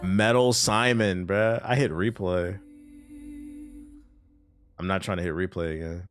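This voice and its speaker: A man's voice: sits low, fairly even intonation, measured pace, faint music behind. A man streaming a video game live, commenting in an exasperated, swearing way. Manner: loud, exasperated, swearing, laughing outbursts.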